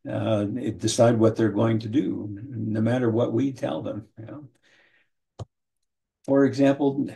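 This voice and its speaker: Over a video call, a man trains people in motivational interviewing, speaking in a measured way with a medium-pitched, creaky, dark voice. He often repeats his opening words and briefly acts out what a client and a counselor might say.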